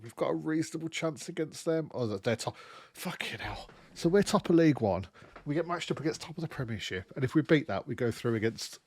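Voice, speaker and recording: Excitable man narrating a football game. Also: medium pitch, husky, no echo. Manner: expressive, excitable, swears freely. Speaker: gaming YouTuber. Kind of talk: casual let's-play commentary.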